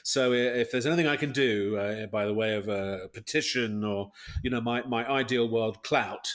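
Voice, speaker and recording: Guy on a call, jokey, laughs a lot, voice fades soft at the ends. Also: medium pitch, moderate pace. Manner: jokey, chuckling, trails off softly. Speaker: guest actor and voice artist. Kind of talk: casual chat.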